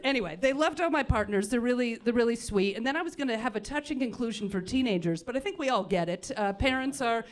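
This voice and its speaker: A woman comedian on a comedy club stage, telling a personal story in an animated way, with many fillers and acted-out asides. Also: high-pitched, fast. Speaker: stand-up comedian.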